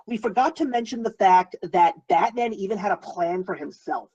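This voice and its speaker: A woman's voice: mid-range voice, expressive, normal speed, dark tone, dull audio, slight background noise. A woman co-hosting a casual film review chat, playful and teasing. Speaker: co-host of a film review show.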